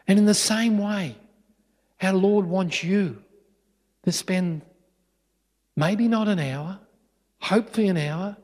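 A middle-aged Australian man giving a storytelling witness talk in a church, animated and full of restarts. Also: a little high. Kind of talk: storytelling sermon. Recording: long church reverb.

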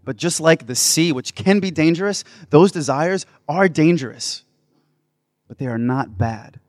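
A man giving a faith talk to a live audience, playful and building to loud, enthusiastic bursts. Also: fairly high pitch, expressive, a little slow, no room sound, studio quality. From United States. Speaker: Catholic speaker.

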